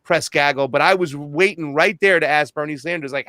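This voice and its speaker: Brief: man, fairly high voice, smooth and dry, animated storyteller who acts out dialogue. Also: brisk, dry recording. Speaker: podcast host and activist guest. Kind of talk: casual chat.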